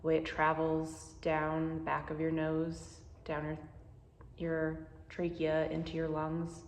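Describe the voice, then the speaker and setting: A woman guiding a meditation, speaking slowly and gently with soothing instructions. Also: sits low, completely flat delivery, echoey room, slight background noise. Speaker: meditation guide. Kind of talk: guided meditation.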